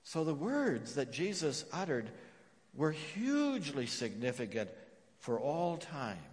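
A man preaching a sermon as pastor, emphatic, dropping to hushed repeated phrases. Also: mid-range voice. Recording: long reverb of a church hall.

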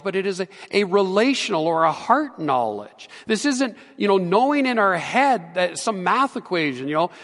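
A pastor preaches earnestly, his voice rising to emphatic peaks and sitting a little high for a man, with a slightly bright tone. Each phrase trails off into long reverb, like in a church sanctuary.

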